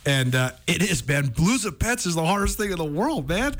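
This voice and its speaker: An energetic man hosting a sports talk radio show. His voice sits a little high, and he talks in a loose, conversational way. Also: normal speed.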